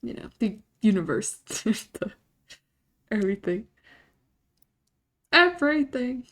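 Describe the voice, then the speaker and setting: A woman's voice: on the low side, normal speed. Rambling, emotional woman streamer. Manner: rambling, emotional, self-interrupting, laughs often. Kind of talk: casual chat to a live audience.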